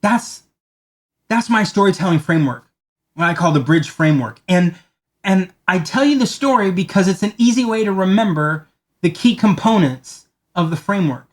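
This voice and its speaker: A man giving a talk on marketing, telling a long story in a conversational way and acting out the lines of the people in it. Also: normal speed. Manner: animated storyteller, acts out quoted lines in a higher voice; conversational, repeats words as he talks. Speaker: marketing speaker.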